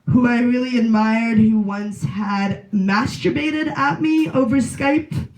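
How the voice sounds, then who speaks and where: A woman in her late twenties doing a deadpan stand-up set at an open mic, rambling with lots of filler words. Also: fairly high pitch. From Russia. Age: 20s. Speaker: stand-up comedian. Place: small bar at an open mic. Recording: echoey room.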